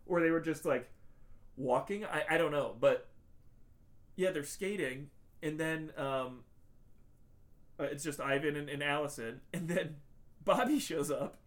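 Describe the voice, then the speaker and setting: A man's voice: fairly high pitch, unhurried, long pauses. Rambling man hosting a film-review podcast. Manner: rambling, filler-heavy, swears often. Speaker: podcast host. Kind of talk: casual comedic film review chat.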